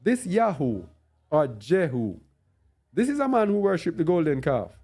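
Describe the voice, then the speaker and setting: A man's voice: a little high, very animated, normal speed, dark tone, slightly rough. A man giving an unscripted bible teaching. He thinks aloud while searching on screen and repeats words for stress.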